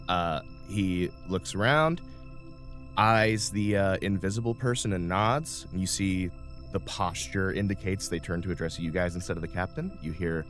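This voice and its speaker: Game master, male, low-pitched; casual, meandering narration over faint music. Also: moderate pace, fairly bright tone.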